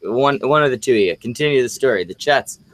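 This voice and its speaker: Halting male host, mid pitch, lots of ums. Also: lively intonation, dry recording. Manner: halting, filler-heavy. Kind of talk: casual chat.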